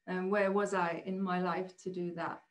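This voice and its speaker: A woman's voice: on the low side, little pitch movement, normal speed. Swedish-accented woman author on a call. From Sweden. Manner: open, reflective, laughs easily. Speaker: author guest. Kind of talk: online Q&A conversation.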